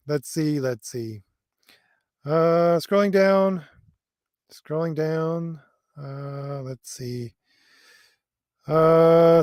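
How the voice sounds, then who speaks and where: A man's voice: a little high, no room sound, studio quality. A middle-aged man hosting a livestream, reading viewer comments aloud in a rambling way, with many fillers and chuckles. He says his voice has always been heard as an old man's. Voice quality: voice that others hear as an old man's. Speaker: host.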